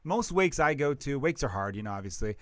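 A man with a mid-range voice hosts a podcast, talking fast and throwing in joking asides with his guest. The sound is dry and close-miked. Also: mid-range voice, big pitch swings, fairly bright tone, dry recording. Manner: quick, joking, ribbing interjections. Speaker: podcast host. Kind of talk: casual podcast chat.

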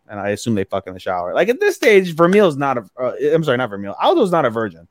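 A man's voice: medium pitch, huge pitch swings, quick pace, few pauses, dry recording. A man co-hosting an anime podcast, recapping episodes in casual, rambling, profane chat. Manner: rambling, profane, acts out characters' lines mid-recap. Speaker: podcast co-host.

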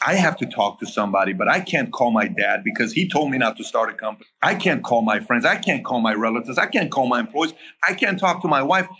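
A man telling his own story in a podcast interview, animated, acting out the quoted dialogue. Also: medium pitch, fast talker, few pauses, a little hiss or hum. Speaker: podcast guest. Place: home area in Southern California.

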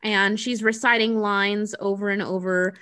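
A woman's voice: mid-range voice, steady tone, unhurried, bright, forceful tone. A woman hosting a podcast, recapping a movie in a chatty, sarcastic way with lots of swearing. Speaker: podcast host. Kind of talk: casual chat recapping a movie.

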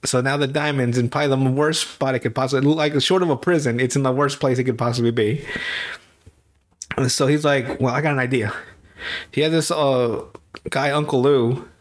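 A man's voice: medium pitch, fairly even intonation, normal speed. A man with a stuffy nose, co-hosting a podcast and recapping a movie in a rambling, casual way. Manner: rambling, self-correcting, swears and laughs. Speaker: podcast co-host.

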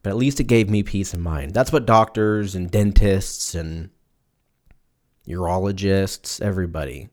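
Alone on his podcast, a twenty-something Southern Californian man rambles casually, cracks jokes and curses without holding back. He has a low voice and talks a little slowly.

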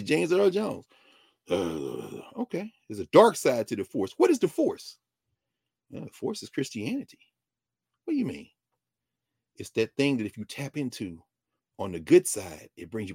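Animated husky man, pitch leaping around. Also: dry recording, studio quality. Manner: lively, digressive, quick shifts between high and low pitch. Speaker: guest. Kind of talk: animated conversational talk.

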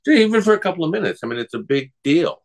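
A man's voice: fairly high pitch, very animated, rapid-fire. An older man, a guest voice actor, telling rambling anecdotes in a casual interview and acting out the people he quotes.

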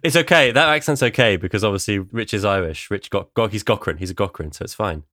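Teasing low-voiced man in casual chat. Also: fast, fairly bright tone, dry recording, clean studio sound. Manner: teasing, laughs easily. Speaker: podcast co-host.

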